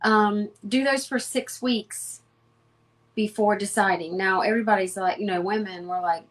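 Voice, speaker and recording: A woman appears as a homeopath guest in an interview, giving advice in a calm, matter-of-fact, instructive way. Her voice is medium-pitched and her pace moderate.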